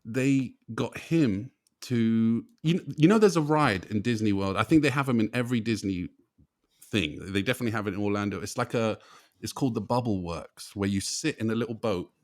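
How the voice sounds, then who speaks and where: A man's voice: fairly low pitch, fairly quick. A young man co-hosting a podcast, chatting casually, swearing often and rambling through stories. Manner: swearing, laughing, rambling storytelling. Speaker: podcast co-host. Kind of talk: casual chat.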